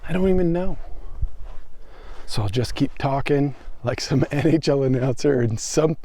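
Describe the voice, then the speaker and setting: A man's voice: medium pitch, normal speed, mellow, no room sound. A man vlogging while walking outdoors on a desert wash, talking in a loose, reflective way with lots of fillers. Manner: rambling, reflective, many fillers. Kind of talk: casual walking vlog.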